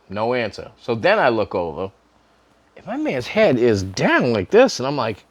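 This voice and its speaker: A middle-aged man with a mid-range voice tells a personal story to the camera at a moderate pace. He's casual and animated, cursing freely and laughing a lot.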